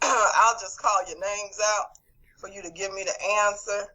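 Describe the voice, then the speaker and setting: A woman's voice: medium pitch, steady tone, moderate pace, bright, forceful tone, rough recording. A woman teaching over a video call, reviewing a quiz and calling on students by name in an encouraging way. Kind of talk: online class quiz review.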